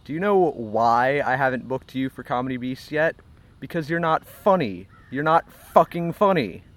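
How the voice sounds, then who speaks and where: A man's voice: mid-range voice, lively intonation, normal speed, lightly acted. A man reenacting an angry male comedy show host who swears bluntly and dismisses the other person. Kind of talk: reenacted argument.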